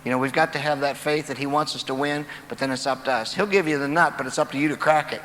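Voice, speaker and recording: A man's voice: on the high side, fairly even intonation, quick pace, a bit bright, a little hiss or hum. A man giving a folksy motivational talk on stage, telling jokes and stories to an auditorium audience. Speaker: motivational speaker. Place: large auditorium. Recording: distant, echoey live hall recording.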